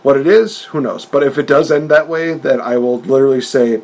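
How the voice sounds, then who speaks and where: A man's voice: medium pitch, fairly quick, a little mellow. A man co-hosting a podcast in casual chat, retelling events animatedly and often laughing. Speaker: podcast co-host.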